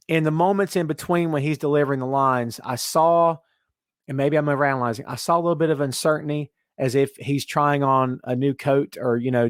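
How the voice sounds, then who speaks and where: A man hosting a casual wrestling podcast, talking in an animated way and reading listener comments aloud. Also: fairly high pitch, no echo, studio quality. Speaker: podcast host.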